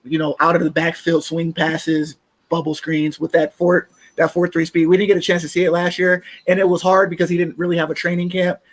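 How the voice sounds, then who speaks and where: A man co-hosting a casual sports podcast, relaxed and chatty, sometimes tripping over his words. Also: fairly high pitch, a little fast. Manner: relaxed, chatty, laughs easily, stumbles on words. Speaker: podcast co-host. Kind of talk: casual sports talk, mock draft.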